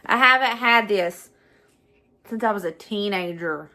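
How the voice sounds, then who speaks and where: A middle-aged woman with a Southern US accent runs a casual home cooking vlog, chatting nostalgically and laughing often. Her mid-range voice comes across pushed and bright, and she takes her time.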